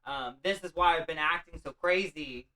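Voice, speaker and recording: A man's voice: fairly high pitch, moderate pace, pushed and bright, poor audio. A man voicing a flustered young husband who stammers and blurts.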